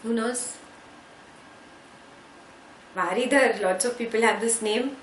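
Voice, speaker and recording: A woman teaching a scripture class, patiently explaining Sanskrit words and checking in with listeners. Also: fairly high pitch. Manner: slow, patient, checks understanding with frequent "yeah?". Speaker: spiritual teacher. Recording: echoey room, faint background noise.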